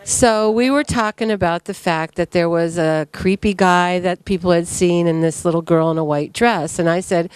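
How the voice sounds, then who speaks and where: A woman tells her part of a ghost story in a lively way, building suspense as she goes. The sound is dry and close. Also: lowish voice, moderate pace, hardly any pauses, clear, resonant tone, no room sound. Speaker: ghost hunter. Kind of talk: storytelling to an audience.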